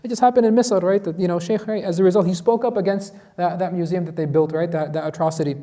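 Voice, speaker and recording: A man's voice: high voice, fast, warm tone. A man teaching a Quran lesson as an imam, asking his class questions and reciting Arabic verses.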